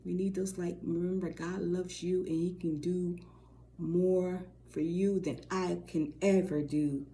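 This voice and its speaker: A middle-aged woman co-hosting a faith channel, talking casually and warmly to her viewers, rambling and repeating phrases as she goes. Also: fairly low pitch, steady tone, measured pace, a little hiss or hum. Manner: warm, rambling, repeats phrases, says y'all. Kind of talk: casual direct-to-camera talk.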